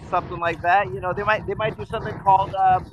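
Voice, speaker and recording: A man's voice: sits high, fairly even intonation, fast talker, muffled recording, a little hiss or hum. A man chatting on a live audio stage, teasing and playful.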